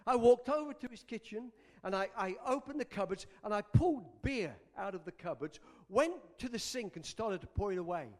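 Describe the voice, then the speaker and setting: A man's voice: high-pitched, animated, moderate pace, few pauses. A male pastor preaching a sermon in an emphatic style, repeating lines for stress.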